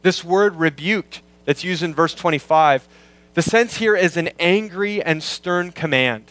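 A pastor working through a scripture passage in a sermon, explaining word meanings and repeating key lines for emphasis. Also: male voice, on the high side, fairly bright tone, no room sound, rough recording. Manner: quotes scripture in slowed, weighty tones. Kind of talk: expository sermon.

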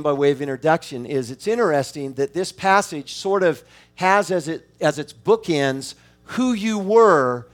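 A man preaching an expository sermon, reading scripture between points and building to emphatic exhortation. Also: on the high side. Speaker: pastor.

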